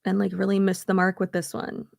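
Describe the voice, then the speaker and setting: Blunt, gravelly-voiced woman chatting on a livestream. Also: medium pitch, monotone, brisk, darkish tone, no room sound, clean studio sound. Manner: blunt, sarcastic, swears freely. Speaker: beauty YouTuber. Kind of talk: casual livestream chat. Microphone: streaming setup at home.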